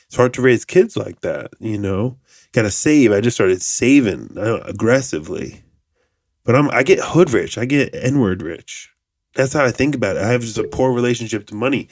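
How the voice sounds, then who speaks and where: A man in his thirties hosting a podcast, talking in a casual, profane, rambling monologue with animated asides. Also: mid-range voice, normal speed, no room sound, clean studio sound. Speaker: podcast host.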